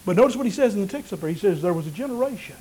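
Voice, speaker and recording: A man preaching a sermon, building to emphatic peaks and then dropping low and quiet. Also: expressive, very fast, slight background noise, low-quality recording. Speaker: pastor.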